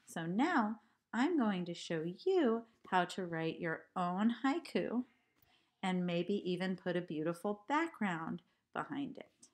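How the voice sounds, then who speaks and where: A woman teacher giving an art lesson to children, speaking clearly and counting syllables aloud. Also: on the low side, big pitch swings, slow. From California.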